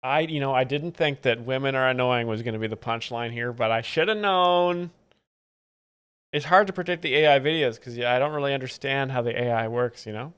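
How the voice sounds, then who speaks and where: A man hosting a live comedy stream, giving casual, sardonic, deadpan commentary. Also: mid-range voice, fairly quick, clear, resonant tone.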